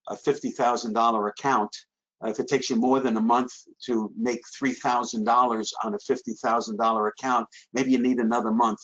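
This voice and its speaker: A man giving a webinar talk on a video call, speaking haltingly with many restarts and fillers. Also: mid-range voice, fairly bright tone. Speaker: guest presenter. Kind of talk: webinar presentation. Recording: dull lo-fi online call audio.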